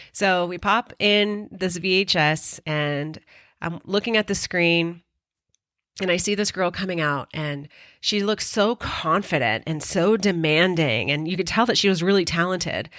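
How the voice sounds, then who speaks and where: A middle-aged woman hosts her own podcast and talks through a personal story, earnest and openly emotional, with casual swearing along the way. Her voice sits a little low. The sound is close and dry, with no room echo. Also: a little slow, fairly bright tone. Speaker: podcast host.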